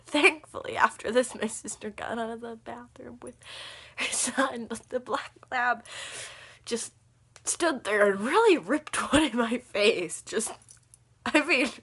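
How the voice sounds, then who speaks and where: A young woman chats straight to her viewers in a casual storytime vlog, rambling and breaking into giggles. Her voice is a little husky and sits fairly high, and it swoops up and down a lot as she talks. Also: expressive, a little slow, a bit bright. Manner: giggly, rambling, laughs often through the story. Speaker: vlogger.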